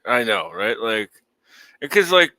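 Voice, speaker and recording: A man co-hosting a wrestling podcast in casual chat, halting with many fillers and then jumping into sudden lively bursts. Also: fairly low pitch, no echo, rough recording. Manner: halting, full of uhs and likes, then lively spikes. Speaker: podcast co-host. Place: home setup on a live stream call.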